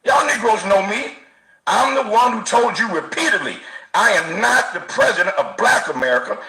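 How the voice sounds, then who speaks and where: A man's voice: high voice, lively intonation, normal speed, sharp tone. A man doing a preachy mock-president impression. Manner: preachy, call-and-response, laughing delivery. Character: male former president, mock sermon of self-defense. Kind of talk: satirical comedy impression. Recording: roomy clip with faint music.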